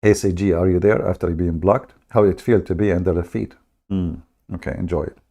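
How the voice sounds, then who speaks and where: Sarcastic gravelly-voiced man hosting a stream. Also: deep voice, steady tone, a little fast, dark tone. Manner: sarcastic, mocking, laughing. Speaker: live stream host. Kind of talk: mocking live-stream commentary.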